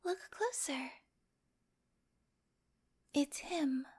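A woman voicing a sweet but obsessive young girlfriend with a dark streak in a whispered role-play, speaking straight to the listener with giggles and coaxing whispers. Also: sits high, lively intonation, extremely slow, full character voice. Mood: creepy adoring. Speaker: voice actor in listener-addressed audio drama.

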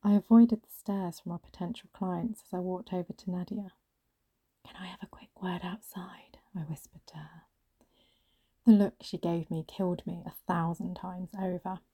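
A woman reading a first-person story aloud in a hushed, often half-whispered way. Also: on the low side, fairly even intonation, moderate pace, no echo. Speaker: narrator.

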